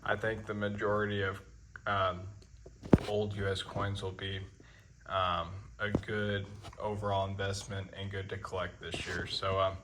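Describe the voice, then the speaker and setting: A man with a fairly low voice that stays flat and even. He talks casually and rambles as a hobby video host, filling pauses with ums and uhs. A faint noise sits under the recording. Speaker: coin collecting channel host. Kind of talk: casual talk to camera.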